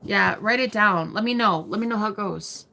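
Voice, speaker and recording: A woman's voice: medium pitch, moderate pace, gravelly, sharp tone. A young woman giving live-stream tarot readings, chatting casually, swearing freely and laughing often. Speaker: tarot reader.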